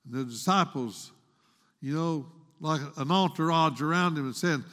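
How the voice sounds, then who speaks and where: A man's voice: fairly high pitch, normal speed, a bit bright. A man preaching a sermon in a church, dramatic and rising into pleading tones as he retells a story. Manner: dramatic, voices the quoted woman in a raised pleading tone. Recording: long hall reverb.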